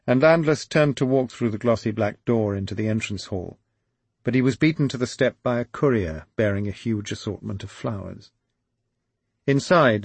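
A man narrates a novel aloud with a low, husky voice. His delivery is measured and dry, with a close, dead recording. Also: no room sound. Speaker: audiobook narrator.

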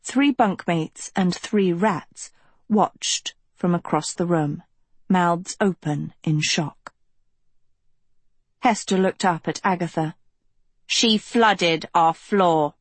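A woman narrating a fantasy story aloud in a dramatic, measured storytelling manner. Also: on the low side, slightly rough, no echo. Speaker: audiobook narrator. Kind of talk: scripted narration.

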